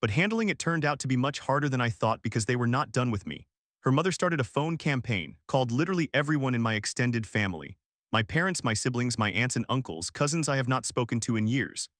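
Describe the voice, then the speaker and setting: A man reading a first-person family drama story aloud in a calm, even narrating voice. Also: mid-range voice, quick pace, dry recording, studio quality.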